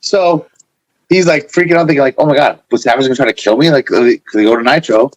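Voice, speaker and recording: A man chats casually as a podcast guest, rambling through anecdotes and slipping into the voices of the people he quotes. His voice sits at an ordinary pitch and is recorded dry and close, with little room sound. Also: fast, no room sound, poor audio. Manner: rambling, animated storyteller acting out quotes. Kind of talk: casual storytelling.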